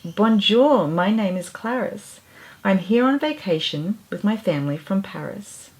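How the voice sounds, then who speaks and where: A woman voicing a sweet, kind and excitable little female mouse in a storybook reading. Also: medium pitch, unhurried, natural voice. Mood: eager.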